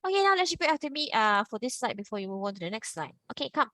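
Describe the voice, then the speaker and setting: Over a video call, a female Mandarin teacher patiently explains grammar in an online class, repeating key points. Her voice is on the high side, very animated, racing, pushed and bright.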